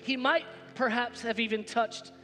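High, bright-voiced preaching pastor. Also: male voice, fairly even intonation, normal speed. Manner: emphatic, repetitive preaching with rising exclamations. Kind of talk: sermon. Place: church sanctuary. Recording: reverberant church hall with background music.

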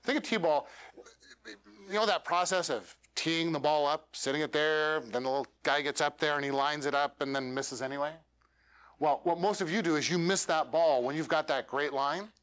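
Male workshop coach, slightly high voice, lively, demonstrates lines with deliberate pauses. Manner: animated, uses dramatic pauses and demonstrates lines. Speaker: speaker coaching elevator pitches. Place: meetup room.

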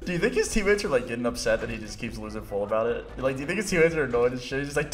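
A man casually commentating his own gameplay, excitable, laughing often and swearing, with game audio playing behind him. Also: medium pitch, very fast, few pauses. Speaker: gaming YouTuber. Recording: game music and gunfire behind.

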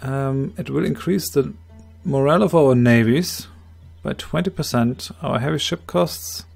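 A man with a slightly hoarse voice calmly explaining his moves, thinking aloud in a strategy game let's play. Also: mid-range voice, a little slow, soft background music. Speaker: game commentator.

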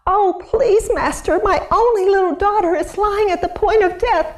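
A woman voicing a desperate, tearful father who begs for help for his dying daughter, in a Bible story told to children. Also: normal speed. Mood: pleading. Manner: pleading, high and strained.

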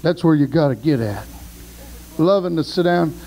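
A preacher delivers a sermon in a high-pitched voice. He tells folksy stories and breaks into shouts of praise. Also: animated, moderate pace, low-quality recording.

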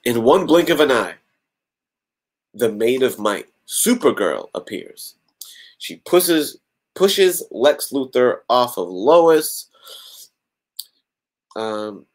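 A man with a mid-pitched voice reads a fan story aloud as a podcast host. He narrates the plot and stops now and then to crack jokes about it. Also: sing-song, slow pace, pauses often. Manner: adds joking asides to the story.

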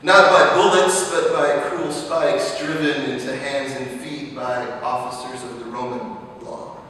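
A young man, a seminary student, preaching a dramatic sermon in a chapel, slow and impassioned, repeating his questions, swelling loud and then dropping to a hush. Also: medium pitch, steady tone, a little hiss or hum. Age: young adult. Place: large chapel. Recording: echoey chapel, mic far off.

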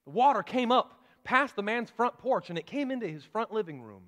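High-voiced pastor preaching in a reverberant church. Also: male voice, big pitch swings, a little fast, a bit bright. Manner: preacherly, rising to emphatic declarations. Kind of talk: sermon.

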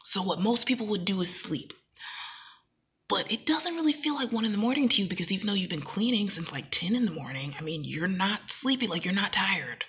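A woman vlogger talking casually to camera, rambling and animated, now and then dropping into a whisper. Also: mid-range voice, brisk, a little hiss or hum. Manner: rambling and animated, acting out quoted dialogue; drops into whispers at times.

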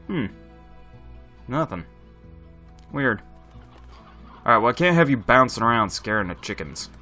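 A man's voice: medium pitch, sing-song, unhurried, pushed and bright, faint music behind. A man giving casual let's play commentary, thinking aloud and chatting to his viewers. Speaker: gaming channel host.

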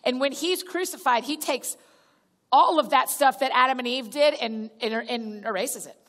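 A guest speaker at a church gathering, this woman talks in a high-pitched, somewhat bright voice at a moderate pace. Her sermon is chatty and direct: she calls listeners y'all, starts sentences over, and acts out little prayers. The big church auditorium gives her a long reverb.

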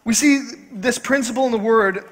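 High-voiced man preaching in a reverberant church. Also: a bit bright. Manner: emphatic, repeats key phrases slowly. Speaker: pastor. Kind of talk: sermon. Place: church sanctuary. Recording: long church hall reverb.

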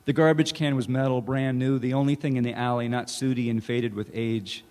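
A man, an author, reading his own fiction aloud in a measured, deliberate way at a campus event. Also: medium pitch, level tone, a little mellow. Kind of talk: literary reading. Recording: reverberant hall.

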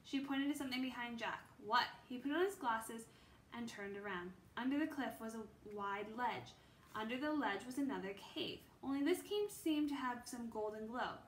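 A woman reading a children's chapter book aloud in a steady storytelling way. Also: on the high side, normal speed, a little hiss or hum. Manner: steady storytelling with small slips. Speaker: reader. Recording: roomy with faint ambience.

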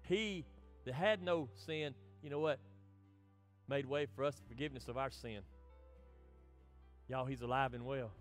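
A middle-aged man preaching a sermon as pastor, swinging between impassioned lines and soft, hushed ones. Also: mid-range voice, normal speed, pauses often, soft background music.

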